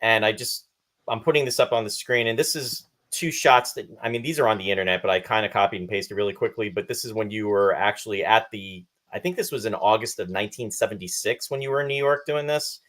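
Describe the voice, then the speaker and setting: A man's voice: fairly low pitch, fast talker, fairly bright tone. A man hosting an online interview show, chatting casually and reading out viewer comments. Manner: conversational, reads out viewer comments. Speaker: host.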